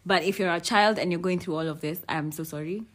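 A young woman, hosting a podcast in frank, animated casual chat and swearing freely. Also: fairly low pitch, fast talker. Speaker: podcast host.

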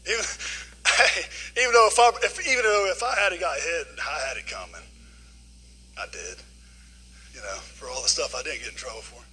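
Middle-aged man preaching, high, folksy, swings loud to hushed. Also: normal speed, pauses often, breathy edge, poor audio. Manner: casual dialect grammar. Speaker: guest preacher. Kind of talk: sermon.

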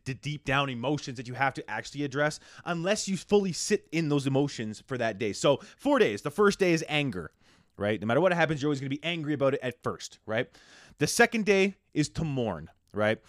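Fast-talking, profane podcast host. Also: male voice, medium pitch, fairly bright tone, no room sound, clean studio sound. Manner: rambling, profane, full of fillers. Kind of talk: casual podcast monologue.

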